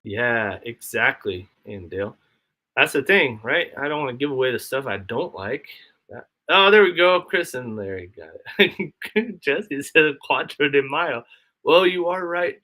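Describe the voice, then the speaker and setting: A man's voice: medium pitch, animated, measured pace, pushed and bright. A man hosting a casual live stream from his homestead, chatting in a rambling way and answering his chat aloud. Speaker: livestream host. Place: home, homestead.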